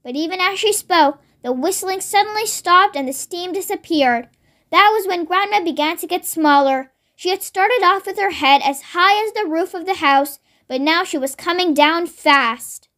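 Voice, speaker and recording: Very high-voiced child reading a storybook. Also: moderate pace, pushed and bright. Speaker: storybook reader.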